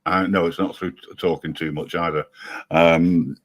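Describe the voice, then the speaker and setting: A man with a low voice hosting a relaxed live stream over a video call. His speech is halting, full of fillers and restarts. He speaks in an easy, conversational tone. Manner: hesitant, many fillers and restarts. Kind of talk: casual chat.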